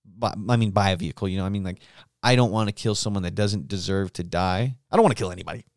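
A man's voice: low-pitched, quick pace, no echo, clean studio sound. Profane, rambling male podcast host. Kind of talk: casual solo podcast monologue.

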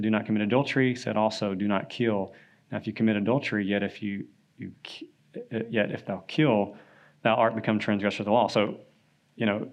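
A man teaching a Sunday school Bible lesson in a church classroom, casual and conversational, often checking in with "right?". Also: lowish voice. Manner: conversational, often asks "right?", animated when telling a story.

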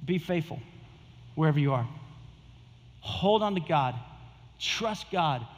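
A man's voice: fairly high pitch, animated, takes it slowly, in a large hall. A male pastor preaching a sermon in a casual, conversational way, repeating his key phrases.

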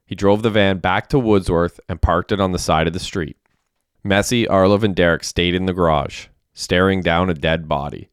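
Male story narrator, low voice, clean dry read. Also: fairly even intonation, moderate pace, clean tone, dry recording. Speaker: audiobook narrator. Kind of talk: scripted narration.

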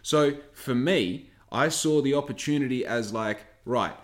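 A man's voice: mid-range voice, a little slow. A man, rambling and swearing through a casual podcast monologue. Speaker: podcast host.

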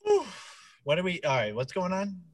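A male comedy podcast co-host with a high, very animated voice. He banters casually and teases quickly. His pitch leaps around a lot as he jokes. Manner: quick, teasing, prone to laughing bursts.

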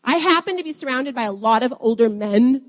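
Young woman preacher, lively and self-laughing, higher voice, reverberant hall sound. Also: fairly quick. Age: young adult. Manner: animated, laughs often at herself. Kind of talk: sermon.

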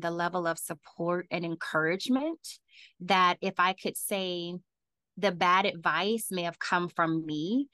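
A woman author answering podcast interview questions, talking animatedly and laughing often, her voice leaping up when she gets excited. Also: fairly low pitch, dry recording. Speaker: author and guest.

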